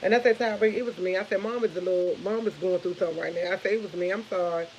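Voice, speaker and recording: A woman's voice: mid-range voice, steady tone, rapid-fire, darkish tone, slight background noise, poor audio. A woman, in her thirties, chatting casually and rambling to viewers of her morning live stream, laughing often.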